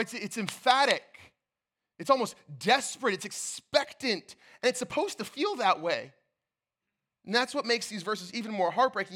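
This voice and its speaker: Young male pastor, emphatic sermon delivery, bright tone. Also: on the high side. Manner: earnest, emphatic, repeats phrases for stress.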